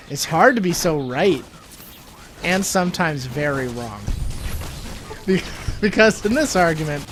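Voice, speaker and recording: A man's voice: fairly high pitch, very animated, takes it slowly, long pauses, a bit bright, a little hiss or hum. A young man co-hosting a let's play, joking sarcastically and rambling while he has the hiccups. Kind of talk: casual gameplay banter.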